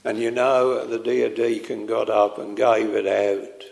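An older man preaching a sermon, telling stories in a slow, earnest way and drawing out quoted lines. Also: lowish voice, flat delivery, vocal fry, darkish tone. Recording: long hall reverb.

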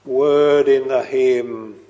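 A man preaching a slow, earnest sermon, tender and pleading as he quotes hymns. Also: mid-range voice, steady tone, dark tone, dull audio. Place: church. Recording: long reverb of a large hall.

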